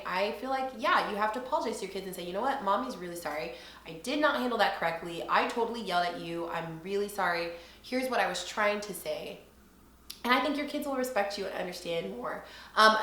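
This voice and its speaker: A woman's voice: medium pitch, pushed and bright, reverberant. A young woman and mother, chatting candidly with lots of fillers while answering viewer questions in a casual vlog. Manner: chatty, candid, self-deprecating, many fillers.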